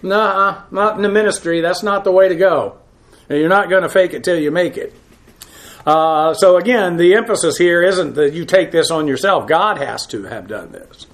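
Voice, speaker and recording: Pastor guy doing a bible lesson, kinda high voice, lots of uhs, blunt. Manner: halting, frequent uh fillers; frank, blunt asides.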